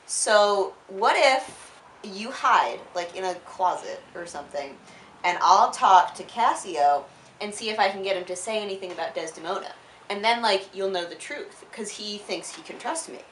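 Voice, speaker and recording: A woman's voice: medium pitch, lively intonation, normal speed, a bit bright, a little hiss or hum, lightly acted. A woman acting out a sly, slangy male schemer who plots in an offhand, casual way. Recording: roomy sound from a distant mic.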